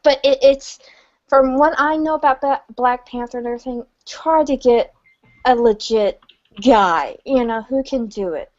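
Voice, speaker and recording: A woman's voice: high-pitched, moderate pace. A woman hosting a casual podcast chat, chatty and hesitant with many fillers. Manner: chatty, hesitant, laughs often. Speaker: podcast host. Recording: dull lo-fi sound.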